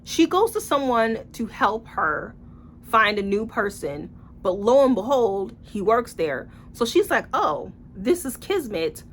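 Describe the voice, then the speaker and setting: A woman with a higher-pitched voice reviews books unhurriedly in a casual vlog, over a faint hiss or hum. She's animated and acts out the characters she quotes, with a blunt, profane, sarcastic edge.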